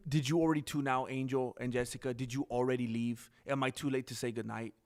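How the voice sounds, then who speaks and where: A man's voice: mid-range voice, steady tone, quick pace, hardly any pauses, a little mellow. A man hosting a livestream, rambling casually and talking straight to his viewers. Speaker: livestream host reading chat.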